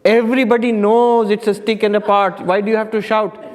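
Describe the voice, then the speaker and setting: A man's voice: high-pitched, flat delivery, fairly quick, echoey room, long reverb tail, pitched above the performer's own voice, lightly acted. A man voicing an exasperated emperor who complains indignantly, within a spoken teaching. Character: exasperated emperor, annoyed older king.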